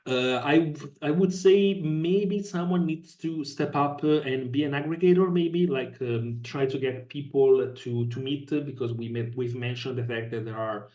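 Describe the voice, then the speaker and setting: A man's voice: mid-range voice, warm tone. Italian guy on a podcast, kinda hesitant, far from the mic, echoey and muffled. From Italy. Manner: thoughtful, hesitant, pausing to find words. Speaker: podcast guest. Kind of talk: casual conversation. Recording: echoey, distant, dull remote audio.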